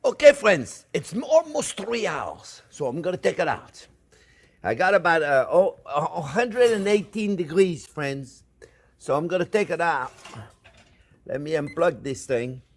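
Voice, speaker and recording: A man hosting a cooking show, chatting through a cooking demonstration while he works and often calling the viewers friends. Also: fairly high pitch. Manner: lively, talks while working with his hands.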